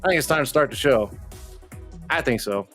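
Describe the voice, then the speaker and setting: A man's voice: medium pitch, expressive, a little fast, fairly bright tone, soft background music. A man hosting a casual live online show, joking and teasing his guests and laughing often. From Colorado. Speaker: livestream show host.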